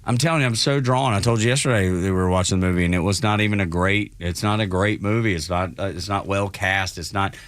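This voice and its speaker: Man, radio co-host, low voice, dry studio sound, chatty and heartfelt. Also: fast, few pauses, a bit bright, smooth, no echo. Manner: chatty, emotional, laughs easily. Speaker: radio morning show host. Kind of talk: casual radio banter. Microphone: studio microphone.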